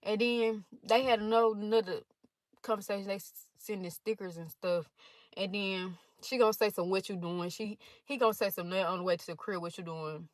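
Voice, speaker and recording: A young college woman, a storytime vlogger, tells a blunt, profane story with animated energy, reading aloud text messages exchanged between other people. Her voice is medium in pitch and a little fast, recorded dry.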